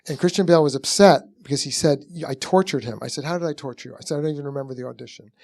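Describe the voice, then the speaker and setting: Animated storytelling man, slightly high voice. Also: racing, no echo, studio quality. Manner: rambling, animated storytelling with acted-out quotes; frequent restarts and "you know". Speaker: film director, guest. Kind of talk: onstage craft conversation.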